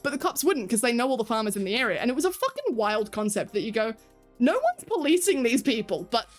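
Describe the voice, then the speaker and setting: A woman's voice: fairly high pitch, sing-song, fast, soft background music. A woman with an Australian accent, from the country, chatting frankly with her livestream viewers, swearing freely and laughing often. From rural Australia. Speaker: streamer. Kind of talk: casual livestream chat with viewers.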